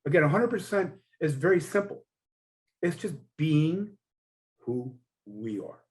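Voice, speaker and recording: A middle-aged man who is a guest coach in an interview. He speaks in a reflective, measured way and often comes back to the same points. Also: on the high side, very animated, poor audio. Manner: reflective, measured, repeats "again" and "yes". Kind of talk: conversational interview.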